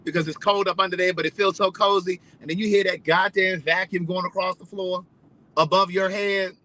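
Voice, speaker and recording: A man telling a story in a casual, animated, profane way, repeating phrases for emphasis. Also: sits high, a little fast, low-quality recording. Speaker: vlogger.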